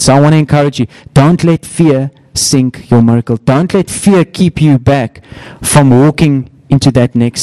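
A man's voice: mellow, dry recording, low-quality recording. A middle-aged man preaching a sermon, telling stories and acting out quotes in a raised voice. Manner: storytelling, acts out quotes with raised pitch. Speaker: pastor.

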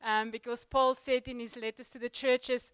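A young woman giving a sermon in a church, chatty and halting, full of ums and restarts. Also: fairly high pitch, flat delivery, clear, resonant tone, no echo. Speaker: guest preacher. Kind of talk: sermon opening, casual warm address.

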